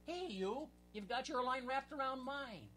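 A man voicing a stubborn, bossy, chubby boy on a fishing trip, talking in excited, bossy shouts. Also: high-pitched, moderate pace, a little hiss or hum, full character voice.

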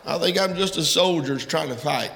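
A man preaches, his voice gravelly and slightly high. His delivery is fervent and builds to loud, emphatic peaks. The recording carries a long reverb that makes the hall sound big and distant. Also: animated, moderate pace. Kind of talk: sermon. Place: church sanctuary. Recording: echoey hall from far off.

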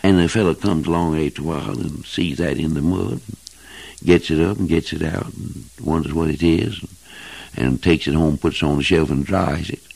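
An older man preaching a fervent old-time sermon, emphatic and husky, with King James phrasing. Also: a bass voice, normal speed, a little mellow, dry recording. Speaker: evangelist preacher.

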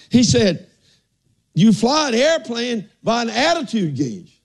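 A man's voice: very high-pitched, very animated, unhurried, vocal fry. An older man preaching a folksy sermon, often asking "are y'all listening" and saying amen.

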